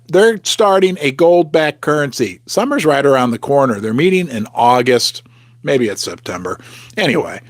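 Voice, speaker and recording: A man hosting a casual livestream, chatting with viewers and reading their comments aloud, with animated outbursts. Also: medium pitch, no room sound. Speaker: livestream host.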